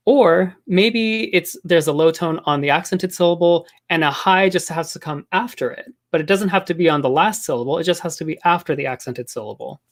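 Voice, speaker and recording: Man giving an academic linguistics talk. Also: on the high side. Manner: measured, hesitant with frequent fillers. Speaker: linguistics lecturer.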